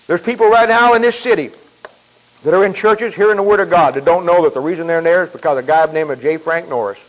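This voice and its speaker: Folksy preacher man, high-pitched. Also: fast, poor audio. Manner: folksy, emphatic, repeats himself; clears throat often. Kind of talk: sermon.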